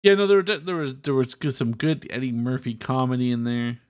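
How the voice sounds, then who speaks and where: An easygoing man with a voice of ordinary pitch chats as a podcast co-host. He keeps a relaxed conversational flow and curses now and then. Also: a little fast, smooth. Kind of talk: casual chat.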